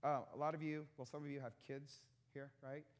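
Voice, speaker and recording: A man's voice: medium pitch, little pitch movement, a little fast. A man in his thirties preaching a sermon in a church, conversational and joking with the congregation. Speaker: pastor.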